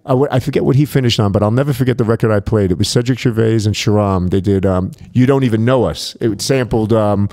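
A man's voice: lowish voice, quick pace, few pauses. A man, a DJ, telling backstage stories in casual chat, swearing freely and acting out what others said. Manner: profane, animated, acts out quotes.

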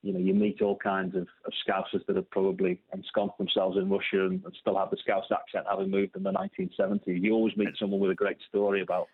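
Man, phone guest, low voice, quick rambling delivery. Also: breathy edge. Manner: rambling, repeats words as he talks. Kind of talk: casual radio interview. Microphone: telephone. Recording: tinny phone line.

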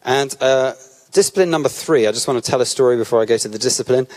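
A British man with a mid-range voice preaches at a quick pace in an easygoing, conversational style, his tone a little mellow. He weaves personal anecdotes into his teaching, often breaking off and restarting sentences mid-story.

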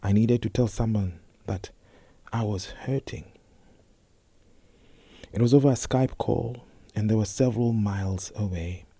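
Slow husky young man's intense reading. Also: on the low side, warm tone, dry recording. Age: young adult. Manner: slow and intense, often sinking to a whisper. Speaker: storyteller. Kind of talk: dramatic personal spoken-word reading.

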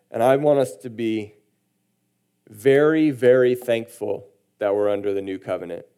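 A man's voice: on the low side, dark tone, clear, resonant tone. A man preaching a sermon, reading scripture aloud with emphasis and then commenting on it in a conversational way. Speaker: pastor.

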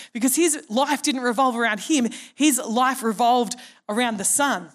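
She is a middle-aged woman pastor, delivering a sermon to her congregation. Her voice sits a little higher than most women's. She keeps it conversational and funny, acting out the voices of people in her anecdotes. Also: moderate pace. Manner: conversational and humorous, acts out quoted voices.

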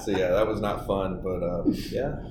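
A man from El Paso co-hosting a casual chat, relaxed and agreeable, rambling with fillers. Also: low voice, moderate pace. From El Paso, USA. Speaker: podcast co-host. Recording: distant mic in an echoey, noisy room.

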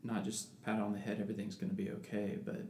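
A man's voice: on the low side, flat delivery, fast, dark tone. A man in casual religious discussion who talks thoughtfully with many restarts and reads scripture aloud. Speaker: podcast co-host. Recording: echoey room with background noise.

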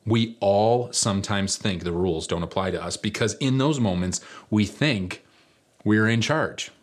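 A man preaching a sermon, telling a personal story in a relaxed, conversational way with many fillers. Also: fairly low pitch, unhurried. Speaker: pastor.

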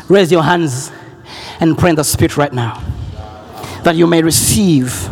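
A man preaching a sermon, emphatic and repetitive, often shouting key lines. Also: on the high side, a little slow, creaky, pauses often, in a large hall.

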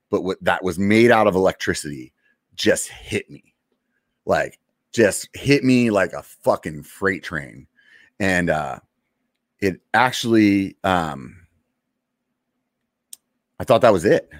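Deep-voiced man telling a war story. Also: animated, no echo, studio quality. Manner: laid-back, profane, drawn-out pauses and fillers. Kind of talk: casual storytelling.

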